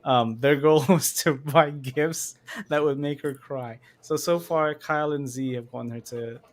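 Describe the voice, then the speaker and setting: A man's voice: fairly high pitch, fairly even intonation, measured pace. A man in his thirties hosting a stream, chatting casually in a laid-back, rambling way. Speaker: stream host. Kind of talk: casual chat.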